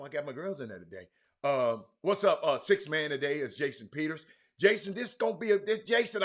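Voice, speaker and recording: A man's voice: on the high side, a bit bright. A man hosting a casual sports talk livestream, rambling with many restarts and calling out his viewers by name. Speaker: sports talk show host.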